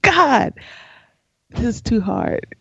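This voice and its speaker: A woman's voice: sits low, normal speed, no room sound. Sighing, indecisive woman podcast co-host. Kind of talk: casual chat. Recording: dry, slightly dull.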